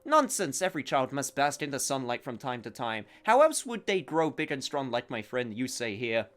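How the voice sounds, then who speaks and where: A man's voice: medium pitch, sing-song, moderate pace, a bit bright, soft background music. A man voicing a small young dragon who speaks in a grand, formal, archaic way. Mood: lofty. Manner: archaic, lofty phrasing. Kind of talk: reading game dialogue aloud.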